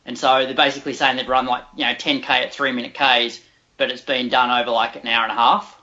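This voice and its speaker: A man explains things matter-of-factly on a casual podcast. His voice is bright and forceful. The sound is a little muffled and lo-fi. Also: mid-range voice, level tone, fast. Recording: dull lo-fi sound.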